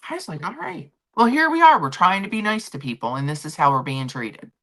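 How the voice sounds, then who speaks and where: Casting note: woman streamer, low voice with a sharp edge, chatty storyteller. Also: big pitch swings, a little fast. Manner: chatty storytelling, swearing casually. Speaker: livestream host. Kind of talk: casual chat with viewers.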